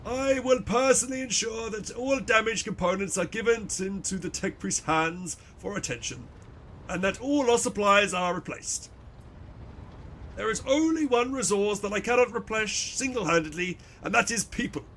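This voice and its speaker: A man voicing a weary male ship administrator in a game, speaking slowly and formally. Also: high-pitched, a bit bright, a little hiss or hum, pitched above the performer's own voice.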